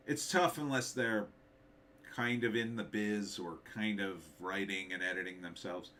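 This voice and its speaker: Slightly hoarse man chatting on a livestream. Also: on the low side, fairly even intonation, unhurried, bright, forceful tone. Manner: rambling, thinking aloud with hums and fillers. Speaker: livestream host, author. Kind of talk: casual livestream chat reading comments.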